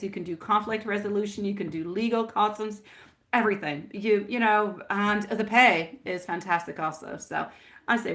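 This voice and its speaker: Chatty lady doing live tarot, bright voice, calls everyone sweetie pie, laughs a lot. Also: mid-range voice. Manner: affectionate, sprinkles endearments like my love and sweetie pie. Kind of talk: casual live-stream chat.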